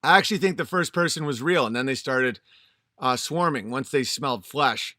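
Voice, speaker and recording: A man's voice: medium pitch, moderate pace, sharp tone, dry recording, studio quality. A man in his thirties, a channel host, delivering an angry, profane and emphatic vlog monologue.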